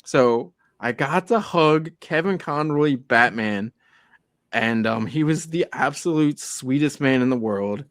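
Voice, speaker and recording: A man's voice: medium pitch, animated, slow pace, no room sound, clean studio sound. A man co-hosting a casual podcast, telling heartfelt stories and acting out quoted lines. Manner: earnest storytelling, acts out quotes. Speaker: podcast co-host.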